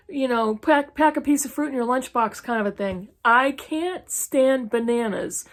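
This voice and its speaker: A woman in her fifties from New England talks casually and frankly, with a slightly higher voice. She rattles through questions and drops sarcastic asides as she goes. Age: 50s. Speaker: book YouTuber. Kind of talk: casual chat answering tag questions. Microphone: camera mic, reading from an e-reader.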